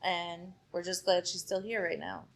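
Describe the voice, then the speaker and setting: A woman's voice: lowish voice, level tone, normal speed. A woman hairstylist chatting as a podcast guest, telling a story and acting out what people said, with lots of "like". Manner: chatty, acts out quoted dialogue, frequent "like".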